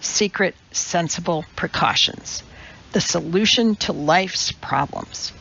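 A cheerful, confident rowing star, as a woman reads him aloud in a storybook audiobook. He sounds unhurried and reassuring, with a gravelly edge and a slightly dull, lo-fi recording. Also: high voice, pushed and bright, a little hiss or hum, exaggerated voice.

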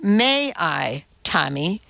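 A woman's voice: very animated, very slow, creaky, dry recording, full character voice. A woman voicing a strict, irritable kindergarten teacher who huffs and snaps at the children, on a dull, dry recording. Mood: stern. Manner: sharp, huffy and shrill when scolding.

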